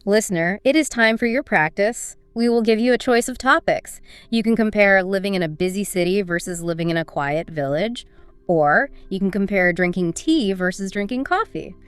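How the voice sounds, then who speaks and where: A woman's voice: medium pitch, normal speed, clear, resonant tone, no echo. A woman co-hosting a scripted English speaking lesson, explaining in an upbeat teacher's manner. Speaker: co-host of an English speaking course.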